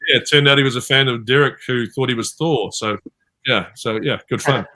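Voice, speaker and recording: Bright-voiced New Zealand man telling stories. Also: medium pitch, a little fast. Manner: chatty storyteller, acts out quoted lines. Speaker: guest actor on a fan panel. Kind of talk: casual panel chat over video call.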